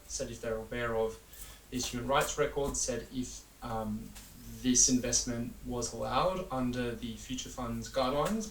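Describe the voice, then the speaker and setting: A man's voice: medium pitch, a bit bright. A man working as a journalist explains his reporting in a rambling, conversational way, full of fillers and little asides. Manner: rambling with many fillers, laughs at absurdity. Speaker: journalist being interviewed. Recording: roomy echo, distant mic, faint hiss.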